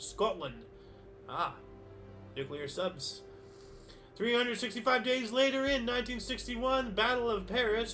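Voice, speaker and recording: High-voiced man hosting a history stream. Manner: reads dates brightly, then mutters loose asides. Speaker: history show host. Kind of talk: casual live-stream reading with asides. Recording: faint background music.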